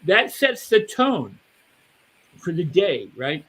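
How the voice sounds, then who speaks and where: An older man speaking as a mindset coach on a panel, animated and acting out the inner voices of his listeners. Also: sits high, takes it slowly, slightly rough, poor audio. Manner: animated, acts out inner voices, repeats words. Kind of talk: motivational panel talk.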